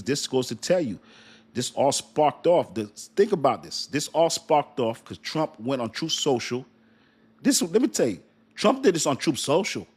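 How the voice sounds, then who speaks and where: Animated man hosting a crypto stream. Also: medium pitch, slightly rough. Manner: animated, joking, talks straight to viewers. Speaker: crypto livestream host. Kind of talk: casual livestream commentary.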